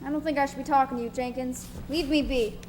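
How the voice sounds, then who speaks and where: A woman's voice: high-pitched, steady tone, fast, natural voice. A woman playing a naive, loyal young male sailor who gives uneasy, defensive replies in a live stage play. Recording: stage recording with faint noise.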